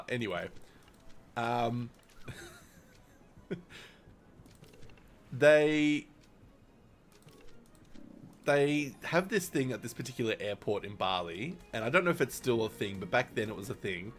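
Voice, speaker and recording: A man's voice: medium pitch, big pitch swings, unhurried, pauses often, slight background noise. A man streaming, telling a long personal story in casual, rambling talk full of fillers and little laughs.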